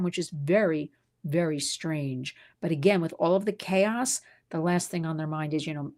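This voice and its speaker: A woman hosting an unscripted livestream, talking emphatically and with indignation and reading out viewers' comments. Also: fairly low pitch. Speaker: livestream host. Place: New York City.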